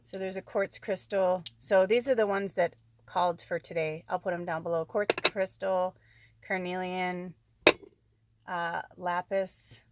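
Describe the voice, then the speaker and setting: A woman's voice: on the low side, steady tone, measured pace, heavy background noise. A woman giving a casual spiritual card reading at home. She rambles in a chatty way, full of asides and "like". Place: at home indoors.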